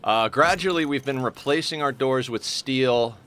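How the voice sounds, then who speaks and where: A man's voice: medium pitch, moderate pace, fairly bright tone. A man streaming and commenting on a game in a chatty, rambling way, swearing casually and restarting his sentences.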